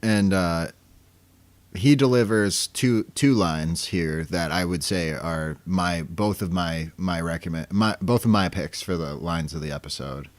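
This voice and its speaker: A man's voice: low voice, a little slow, dry recording. A young man co-hosting a podcast, talking in a laid-back, rambling way in a casual chat. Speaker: podcast co-host.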